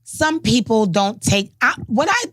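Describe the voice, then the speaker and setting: A woman's voice: fairly high pitch, very animated, unhurried, a bit bright, dry recording. Emphatic woman podcast co-host. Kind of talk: casual chat.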